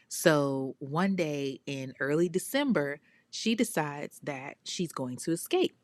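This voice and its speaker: A woman's voice: sits low, expressive, unhurried, no echo. A woman telling a true crime story in a casual, blunt, profane way, full of emphatic asides.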